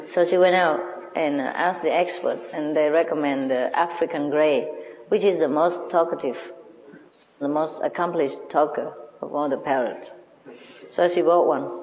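Woman with a lower voice, tells a funny story with frequent laughter in a reverberant hall. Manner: laughing often, animated storytelling. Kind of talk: telling a humorous story to an audience.

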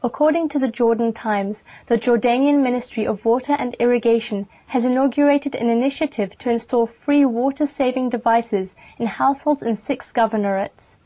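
Mellow-voiced woman reading news. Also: a little high. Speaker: news presenter.

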